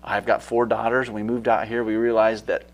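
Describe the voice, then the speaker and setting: A man's voice: on the low side, level tone, brisk. A man talking as a guest in a casual interview, eager and rambling with many fillers.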